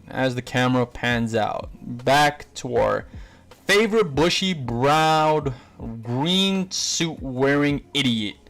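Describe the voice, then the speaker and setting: A man narrating a fan-made story in a casual, rambling way, with fillers and self-corrections. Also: mid-range voice.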